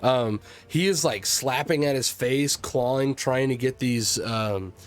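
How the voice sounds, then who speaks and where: A man running a tabletop game as game master, describing the action in a halting way with many ums and restarts. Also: mid-range voice.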